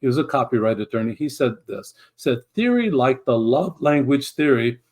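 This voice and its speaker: A middle-aged man speaks as an interview guest, in an earnest, reflective way. He restarts his phrases often. His voice sits at an ordinary mid pitch. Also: very animated, moderate pace, a little mellow. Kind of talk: conversational storytelling.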